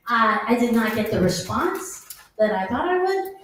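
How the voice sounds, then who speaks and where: A middle-aged woman tells stand-up jokes with a lively, swinging pitch. She sits a bit high for a woman and drops low to mimic her husband. Her voice rings in a very echoey room, picked up from a distance. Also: moderate pace. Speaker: stand-up comic. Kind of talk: stand-up comedy set. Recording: roomy echoing venue, mic heard from a distance.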